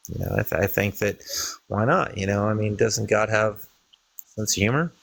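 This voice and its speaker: A man's voice: on the low side, moderate pace, vocal fry, fairly bright tone. A man calling into a stream who talks in a rambling way, telling a joke and acting out its lines. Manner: rambling storyteller, acts out quoted lines. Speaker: caller. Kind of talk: casual chat, telling a joke.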